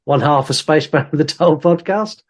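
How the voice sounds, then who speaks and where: Animated man co-hosting a podcast. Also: fairly high pitch, moderate pace. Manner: animated, reads listener comments aloud with put-on voices. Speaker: podcast co-host. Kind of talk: casual chat.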